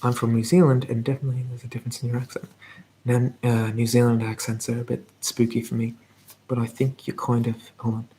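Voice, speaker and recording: A man hosting a live whispered ASMR Q&A, talking softly and rambling as he reads out viewer comments. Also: mid-range voice, level tone, fast, a little hiss or hum. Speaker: ASMR channel host.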